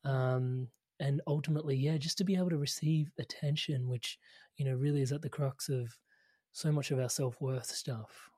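A man hosting an interview, musing thoughtfully with drawn-out phrasing and self-corrections. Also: mid-range voice, fairly even intonation, mellow, no room sound. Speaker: podcast host, mentor. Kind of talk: reflective interview chat.

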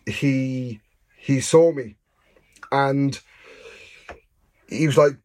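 A man's voice: mid-range voice, extremely slow, pauses often, darkish tone, no room sound. A young man from Wales, a guest in an interview who tells his story candidly and earnestly, with frequent fillers.

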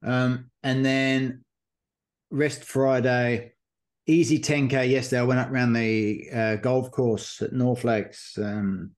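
Brief: podcast host, rambling, casual storyteller, average pitch. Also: male voice, fairly even intonation, takes it slowly. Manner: rambling storyteller with many fillers. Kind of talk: casual chat.

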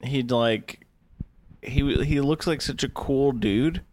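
A man's voice: medium pitch, a little mellow. Laid-back man co-host. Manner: laid-back, quick one-word replies. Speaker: podcast co-host. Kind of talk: casual recap chat.

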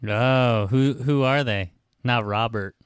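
A man co-hosting a book podcast, firing off jokes and quick questions in casual chat. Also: mid-range voice, smooth, no room sound. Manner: joking, quick interjections and wisecracks. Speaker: podcast co-host.

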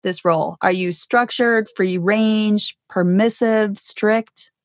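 A woman's voice: medium pitch, takes it slowly. A woman host leads an interview with an encouraging manner, often summing up her guest's words. Her voice sits mid-range and sounds dry and close, with no room echo. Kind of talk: casual interview hosting.

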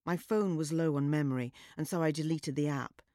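A woman narrating a story in a measured, wry and understated way. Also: low-pitched, mellow, dry recording, studio quality. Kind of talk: audiobook narration.

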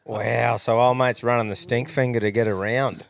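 A man's voice: medium pitch, steady tone, moderate pace, creaky, a little hiss or hum. An Australian man co-hosting a podcast, chatting in a sweary, laid-back way. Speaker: podcast co-host. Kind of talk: casual chat.

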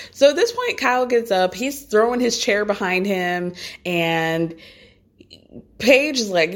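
A woman casually recapping a reality show episode in a gossipy, animated way, laughing often and swearing casually. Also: mid-range voice, unhurried.

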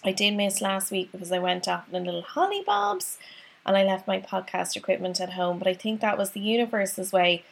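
A woman's voice: mid-range voice, animated, fairly quick, gravelly, breathy edge. An Irish woman hosting a podcast, chatting in a bubbly, rambling, self-mocking way as she opens the episode. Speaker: podcast host.

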